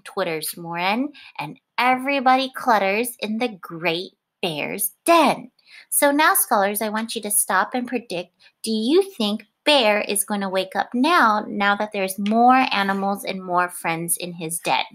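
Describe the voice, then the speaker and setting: A young adult woman teacher reading a picture book aloud to her class, expressive, with gasps and questions to the children. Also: medium pitch, unhurried. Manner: expressive, gasping, asks questions.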